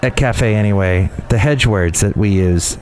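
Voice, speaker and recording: A man's voice: lowish voice, normal speed, darkish tone, a little hiss or hum. A man hosting a podcast in casual, meandering chat, often correcting himself as he goes. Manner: meandering, self-correcting, chatty. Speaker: podcast host.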